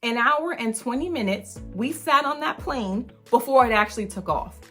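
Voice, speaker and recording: Brief: animated mom vlogger, casual storytelling, slightly high voice. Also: female voice, moderate pace, soft background music. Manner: animated, chatty, acts out the people she quotes. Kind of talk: casual storytelling with acted quotes.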